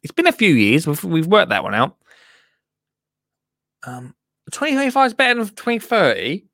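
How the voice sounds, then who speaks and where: Bright-voiced man hosting a podcast. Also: high voice, very animated, moderate pace, no echo, studio quality. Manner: rambling, self-interrupting, jokey. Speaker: podcast host. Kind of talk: casual podcast chat reading news.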